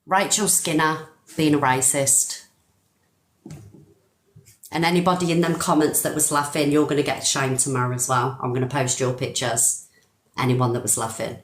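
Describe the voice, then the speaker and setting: Middle-aged British woman, low-voiced live-stream host, furious emphatic rant, swears, roomy echo. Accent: British English. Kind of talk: ranting live stream commentary.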